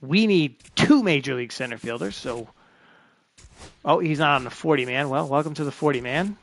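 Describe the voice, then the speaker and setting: A man's voice: fairly high pitch, moderate pace, creaky, slight background noise. A man streaming a baseball management game, chatting to himself as he sorts through his roster. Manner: chatty, talks to himself while sorting players. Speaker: gaming streamer. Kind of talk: live commentary while playing a baseball game.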